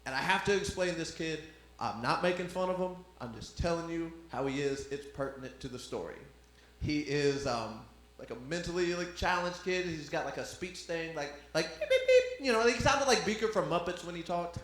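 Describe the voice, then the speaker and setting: A man performs a stand-up set with a high, lively voice that swoops around as he acts out the people in his stories. He is heard in an echoey room. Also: a little fast. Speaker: stand-up comedian. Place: club room with audience.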